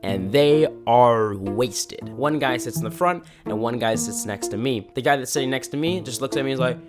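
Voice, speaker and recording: A man telling embarrassing stories in a lively, self-deprecating comic style. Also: medium pitch, moderate pace, music in the background. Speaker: storyteller. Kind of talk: animated storytime narration.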